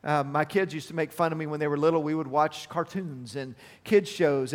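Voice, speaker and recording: A man's voice: on the high side, steady tone, normal speed, few pauses. A middle-aged man preaching a sermon as pastor, earnest and conversational, mixing scripture with personal asides. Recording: long hall reverb.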